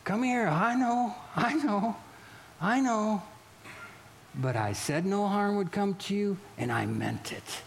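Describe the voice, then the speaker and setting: A preacher voicing a calm, soothing God. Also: male voice, high voice, slow, creaky, a little hiss or hum, heavily acted. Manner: soothing, repeating gentle reassurances. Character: calm, reassuring male God comforting a frightened believer.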